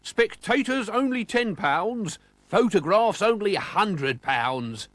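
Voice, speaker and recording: A man voicing a rude, gruff male crook who snarls and jeers in a put-on Scottish accent. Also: sits high, expressive, slow, a bit bright, no echo, voice pushed up, full character voice. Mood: grinning. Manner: snarling, jeering.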